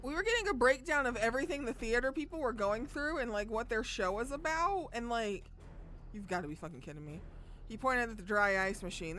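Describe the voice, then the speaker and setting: A young woman streaming a visual novel, reading the text aloud and breaking into loud, sweary outbursts. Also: a little high, brisk, soft background music. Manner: loud, excitable outbursts and swearing between calm narration.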